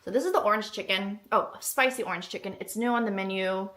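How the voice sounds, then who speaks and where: A woman's voice: mid-range voice, fast, fairly bright tone. A woman talking to camera in a casual eating vlog, chatty and self-deprecating, with lots of filler words. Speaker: vlogger.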